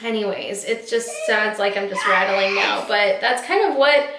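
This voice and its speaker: The recording is very noisy and echoey, captured on a camera mic as a vlogger in her thirties gets ready at home. Speaking at a normal speed in a mid-range voice, she's candid and heartfelt, rambling with plenty of fillers.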